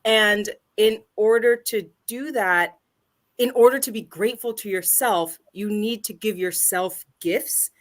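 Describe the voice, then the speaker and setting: A woman's voice: mid-range voice, measured pace. A woman improviser and co-host chatting casually on a podcast, rambling, self-mocking and laughing often.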